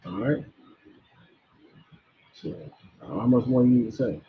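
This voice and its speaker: A man delivers an informal sermon in a blunt, preachy way. He restarts words and repeats himself, his voice at a middling pitch. The sound is thin and phone-like. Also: expressive, slow.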